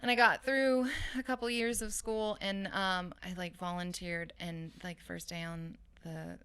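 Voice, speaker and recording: A Bay Area woman in her thirties, a fashion designer appearing as a guest, tells her story in a casual interview, candid and chatty, laughing often and using plenty of fillers. Her voice sits on the low side with a level tone and a fairly bright, smooth quality, and she speaks at a measured pace.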